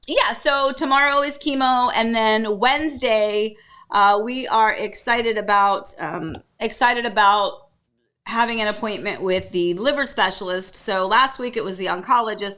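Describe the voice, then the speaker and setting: A woman's voice: mid-range voice, fairly bright tone. A middle-aged woman hosting a casual livestream from home, chatty and rambling, humming filler syllables as she goes. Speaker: livestream host. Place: home, at a table.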